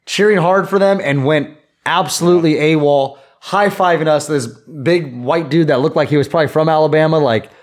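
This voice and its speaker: A man's voice: fairly high pitch, normal speed. A man co-hosting a sports podcast in casual chat, rambling with lots of fillers. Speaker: podcast co-host.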